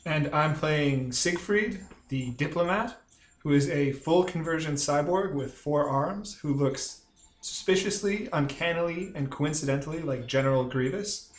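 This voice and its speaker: A man with a somewhat high voice describes his character in a dry, wry tone. The room sounds echoey. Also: a little slow. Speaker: player. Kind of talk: casual podcast chat.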